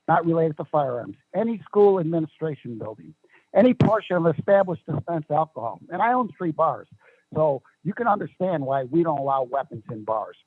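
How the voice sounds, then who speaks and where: A man's voice: fairly high pitch, husky, no echo, phone-quality sound. A man giving public comment at a county meeting, emphatic and argumentative, pressing his point with rhetorical questions.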